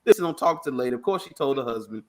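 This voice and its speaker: A man hosting a casual sports podcast, telling stories in an animated, joking way. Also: medium pitch, rapid-fire. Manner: animated storytelling, jokey asides. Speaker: podcast host.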